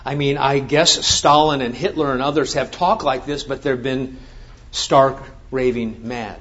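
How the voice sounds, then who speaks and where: A man's voice: mid-range voice, steady tone, moderate pace, a bit bright. A man preaching a sermon, reading scripture and then explaining it with emphatic, rising exclamations. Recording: dull lo-fi sound.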